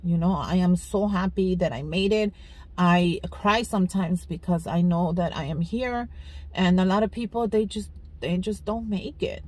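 A woman's voice: fairly low pitch, normal speed, a little mellow. A woman vlogger talking casually and emotionally to her viewers while on her way to work. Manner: emotional, heartfelt, rambling.

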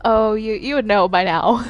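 A woman's voice: medium pitch, normal speed, soft background music, natural voice. A woman playing a smug, sweetly mocking cartoon angel. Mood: teasing. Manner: sweetly mocking, calls others darling. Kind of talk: Minecraft role-play voice acting.

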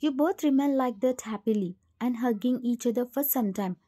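A woman reading a second-person fan fiction story aloud in a steady, plain storytelling voice. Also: a little high, normal speed.

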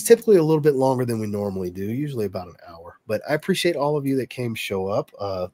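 A man's voice: medium pitch, dark tone, husky. A man with a stuffy, nasal, congested voice, answering viewer questions in casual livestream chat. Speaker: livestream host.

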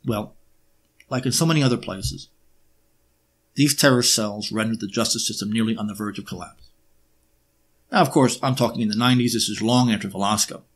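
A man presenting an unscripted history monologue, emphatic and sarcastic, often pausing on uh and um while he builds his points. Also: fairly low pitch, husky. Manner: emphatic, with sarcastic rhetorical questions; frequent hesitations with uh and um.

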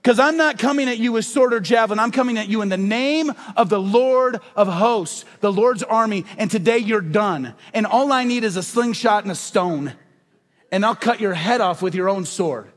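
A fearless young shepherd boy hurls taunts at a giant, as a preacher acts him out. The voice sits high and loud. A long hall reverb trails every word. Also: moderate pace, close to an everyday voice. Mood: defiant. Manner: defiant, shouting taunts.

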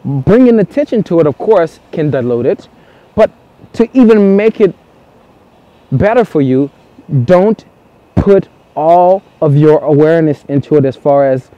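Man, dating coach, earnest and repetitive, slightly high pitch, vlog monologue outdoors. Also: lively intonation, unhurried, warm tone, dry recording, highs cut off. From United States. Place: outdoors in the cold.

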